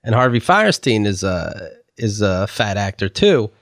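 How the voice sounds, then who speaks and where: A man co-hosts a casual talk show podcast, trading banter, spinning rambling stories, and slipping into imitations of people. His fairly low voice is sing-song and a little slow, with a fairly bright tone. The recording is dry and clean, studio quality.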